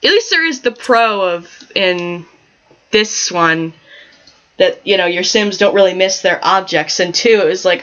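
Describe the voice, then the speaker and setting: A woman's voice: lowish voice, moderate pace, fairly bright tone. A woman casually commenting while playing a life-sim game, giggling often and rambling in chatty asides. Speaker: gaming channel host. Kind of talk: casual let's-play commentary. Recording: dull lo-fi home mic.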